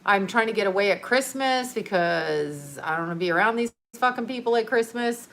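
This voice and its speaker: A woman talks to her livestream viewers from home in a loose, chatty way, greeting people and rambling from one thing to the next. She laughs easily and keeps things casual, her voice at an ordinary middle pitch for a woman. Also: lively intonation, a little fast, fairly bright tone, slight background noise. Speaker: livestream host. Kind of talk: casual live-stream chat.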